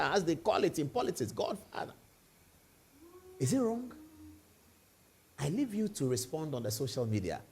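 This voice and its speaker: A man's voice: sits high, husky. A man with a Ghanaian accent hosting a live evening TV talk show, asking rhetorical questions and spinning hypothetical stories in the first person. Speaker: TV show host.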